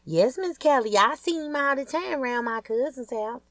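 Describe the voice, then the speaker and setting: Eager young neighborhood kids in a storybook, calling out in high, excited voices, as a woman reading puts them on. The voices jump up high against a dry, close recording. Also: moderate pace, dry recording, far from the mic. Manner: shouting, calling out.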